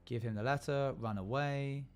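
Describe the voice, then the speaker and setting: Male game master on stream, middle pitch, hesitant filler-heavy narration, faint background music. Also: moderate pace, clean tone. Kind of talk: narrating a text role-play game on stream.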